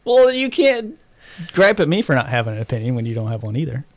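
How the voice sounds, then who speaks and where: A man guesting on a podcast in relaxed, casual chat. He hesitates and stumbles over his words as he answers, and laughs along. He sounds close and dry. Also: mid-range voice, racing, dry recording.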